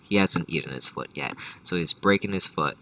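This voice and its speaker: A man's voice: low-pitched, normal speed, bright, forceful tone, no echo, recorded from a distance, rough recording. Man, improvised comic storyteller, rambling, profane, lots of restarts, dry room. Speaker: storyteller host.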